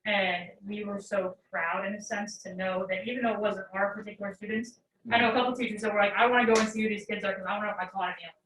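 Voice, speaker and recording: A woman's voice: mid-range voice, little pitch movement, very fast, fairly bright tone. Woman interviewer heard from across a roomy space. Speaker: interviewer, teacher. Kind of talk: casual conversational interview. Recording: roomy, from a distance.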